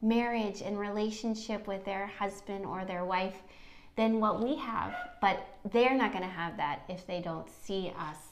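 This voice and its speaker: A woman's voice: medium pitch, measured pace, a little hiss or hum. A middle-aged woman co-hosting a podcast, encouraging and affirming as she talks about marriage. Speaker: podcast co-host. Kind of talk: casual chat. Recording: echoey room.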